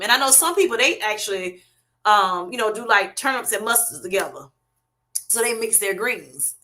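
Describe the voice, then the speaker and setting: A woman's voice: mid-range voice, bright, forceful tone. A woman, hosting a casual livestream, chatty and laughing often as she reads viewer comments aloud. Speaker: livestream host reading chat. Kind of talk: casual live chat.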